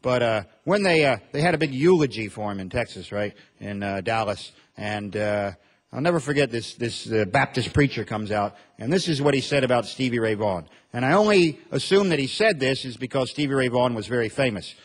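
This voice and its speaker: A husky-voiced man works a live crowd with a stand-up set, delivering every line in a dry, deadpan drawl. His voice is a little breathy, sits at an ordinary middle pitch, and carries the loose, easy rhythm of a seasoned comic. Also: fairly quick. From Montana. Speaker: stand-up comedian. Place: comedy stage before an audience.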